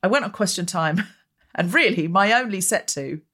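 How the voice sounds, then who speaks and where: Animated woman telling lively stories. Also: medium pitch, normal speed, breathy edge. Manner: animated storytelling, mimicking others in quotes. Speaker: podcast host. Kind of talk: casual comedic chat. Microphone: video call.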